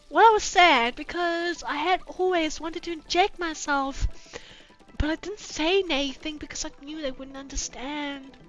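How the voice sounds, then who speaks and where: A young woman streamer doing a comic dramatic reading of fanfiction, with sarcastic, profane, deadpan asides into a streaming mic. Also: high voice, normal speed. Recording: dull lo-fi with music behind.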